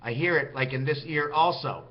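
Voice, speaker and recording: A man vlogging a rambling monologue, jumping from topic to topic with big swings in pitch. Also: moderate pace, lo-fi sound.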